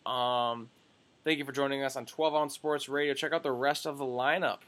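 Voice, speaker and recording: A young man co-hosting a casual sports podcast, excitable and jokey, swearing often. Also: medium pitch, moderate pace. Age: young adult. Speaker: podcast co-host.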